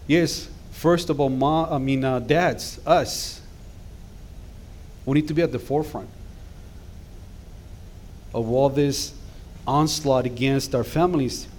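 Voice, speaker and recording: Impassioned pastor preaching. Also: male voice, medium pitch, steady tone, slow, long pauses, a little mellow, slight background noise. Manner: impassioned, rising to emphatic exhortations. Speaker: guest pastor. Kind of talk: sermon. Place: church sanctuary.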